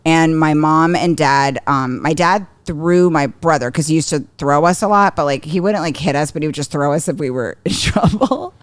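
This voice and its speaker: Animated woman comedian telling stories. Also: low-pitched, moderate pace, hardly any pauses, no echo. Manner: animated, laughing, acts out family members. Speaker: comedian guest. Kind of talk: casual comedic storytelling.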